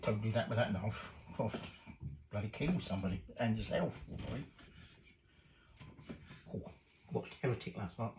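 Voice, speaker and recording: A man's voice: fairly low pitch, moderate pace, pauses often, echoey room, background noise. A middle-aged man, rambling casually and swearing mildly as he cooks in his home kitchen. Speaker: cooking show host. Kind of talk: casual cooking vlog chat.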